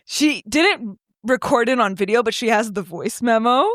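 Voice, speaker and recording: A young woman co-hosting a podcast, telling a story in casual chat, animated and swearing freely. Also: a little high, normal speed, no echo, studio quality. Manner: animated, swears freely, acts out quoted voices. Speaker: podcast co-host.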